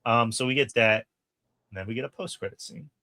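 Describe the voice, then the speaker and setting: A man's voice: medium pitch, brisk, no room sound. A man co-hosting a podcast, chatting casually about a horror film, swearing a lot and acting out lines from it. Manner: animated, swears a lot, acts out movie lines. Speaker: podcast co-host. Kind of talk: casual movie review chat.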